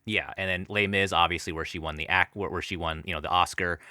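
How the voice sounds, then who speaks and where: Brief: young male podcast host, low-ish and bright, dry close mic, talks around in circles. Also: steady tone, quick pace, no echo. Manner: rambling, many fillers and restarts. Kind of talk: casual chat.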